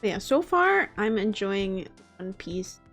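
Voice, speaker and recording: A woman's voice: mid-range voice, very animated, takes it slowly, soft background music. A woman chatting casually on a stream, talking in loose runs with many fillers and restarts. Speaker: guest. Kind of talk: casual chat.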